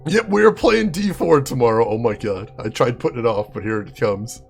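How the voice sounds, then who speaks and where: Faint music plays behind a game streamer whose mid-range, gravelly voice is brisk and lively in intonation. He chats casually on his live stream, often laughing and addressing viewers by name.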